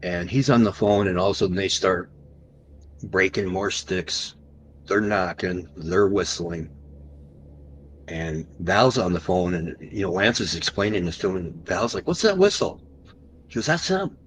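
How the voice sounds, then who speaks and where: A man as a podcast guest, recounting an encounter story animatedly and slowing down for the tense moments. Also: deep voice, fairly even intonation, slight background noise, rough recording.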